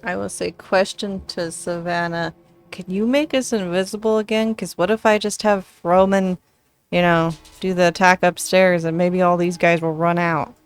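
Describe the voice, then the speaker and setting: A woman's voice: lowish voice, fairly even intonation, moderate pace, clean tone, soft background music. A woman playing a tabletop game, asking questions and proposing plans. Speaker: player. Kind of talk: casual tabletop game play.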